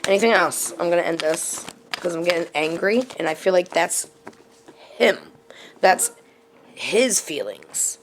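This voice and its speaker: A middle-aged woman with a gravelly voice giving a casual tarot reading, blunt and outspoken, going from murmurs to animated storytelling. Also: lowish voice, a little slow, a little hiss or hum. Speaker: tarot reader and channel host.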